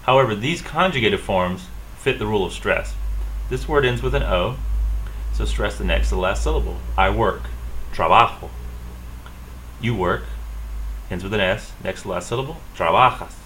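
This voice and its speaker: Man from South Carolina, Spanish teacher, slow patient delivery, bright lowish voice. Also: expressive, a little hiss or hum, rough recording. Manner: slow, patient, repeats example words. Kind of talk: classroom lesson on pronunciation.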